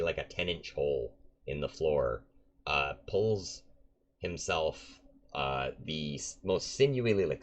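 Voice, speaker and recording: A man narrating a tabletop game as game master, in a relaxed way with many ums and uhs. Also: very deep voice. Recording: dull lo-fi recording.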